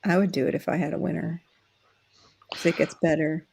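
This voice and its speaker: A woman's voice: low-pitched, flat delivery, fairly quick, vocal fry, darkish tone, slightly rough, dry recording. A woman hosting a casual video-call chat show, talking about gardening and laughing often. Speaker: host.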